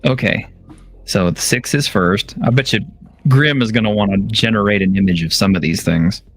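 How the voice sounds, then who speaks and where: A man running a tabletop game on a stream as game master, casual and chuckling, with halting fillers. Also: lowish voice, vocal fry.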